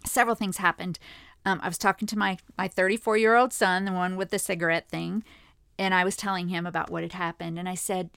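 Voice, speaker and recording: Gravelly-voiced woman host, candid and chatty. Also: fairly low pitch, a little fast, dry recording, studio quality. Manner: candid, chatty, expressive with dips to a hush. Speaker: podcast host. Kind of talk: personal storytelling to listeners.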